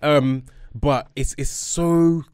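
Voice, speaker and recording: Animated man telling jokey stories, dry sound. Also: on the high side, drawn-out words, clean tone, no echo. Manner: animated, jokey storytelling with swearing. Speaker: podcast guest. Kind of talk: casual chat.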